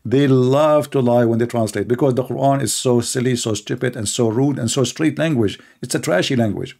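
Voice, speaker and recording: A man delivering polemical commentary at a mid pitch. His tone is sarcastic and mocking, and he keeps driving his points home with emphasis and scornful asides. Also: a little fast, a little mellow. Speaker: religious debater.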